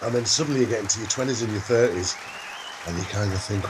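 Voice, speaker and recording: A man's voice: fairly low pitch, quick pace, a crowd in the background, noisy background. A middle-aged man speaking heartfelt in an interview, searching for words. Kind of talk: emotional interview.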